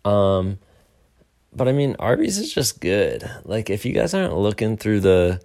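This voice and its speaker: Young guy doing a solo morning show, kinda low voice, rambly and upbeat, pokes fun at himself. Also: sing-song, measured pace, a little mellow. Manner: rambling, upbeat, self-deprecating asides. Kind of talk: casual solo podcast talk.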